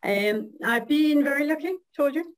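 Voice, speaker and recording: A middle-aged woman reading her own poem slowly and carefully, then chatting casually as a guest. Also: sits high, poor audio. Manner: slow, measured recitation.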